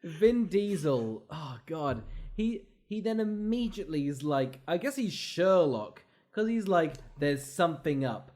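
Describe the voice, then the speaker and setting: A man co-hosting a casual film-review podcast, recapping scenes in an animated, profane way with laughing asides. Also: high voice, measured pace, hardly any pauses. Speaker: podcast co-host.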